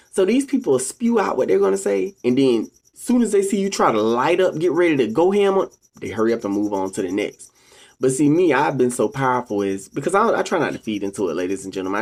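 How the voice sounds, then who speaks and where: A vlogger giving a casual monologue to viewers. The speaker preaches, calls the audience ladies and gentlemen, and acts out what other people say in a raised voice. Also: medium pitch.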